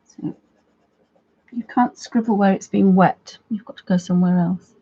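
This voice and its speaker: A woman's voice: mid-range voice, fairly even intonation, moderate pace, warm tone, husky, highs cut off. A woman chatting casually as she walks through a coloring tutorial at home, rambling a little as she works. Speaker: craft video host.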